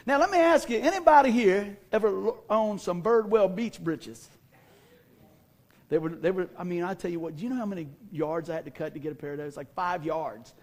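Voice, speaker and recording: A man's voice: sits high, brisk. A male pastor preaching to a congregation, telling a comic story he acts out and questioning the crowd, then reading scripture. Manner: animated storyteller, acts out scenes and asks the congregation. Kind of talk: sermon with a comic personal story. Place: church hall before a congregation.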